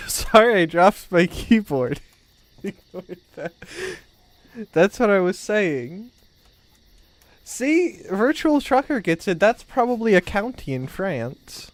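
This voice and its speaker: A man's voice: high-pitched, big pitch swings, slow pace. A man streaming a game, chatting casually with his viewers in a joking, rambling, teasing way. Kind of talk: casual gameplay commentary.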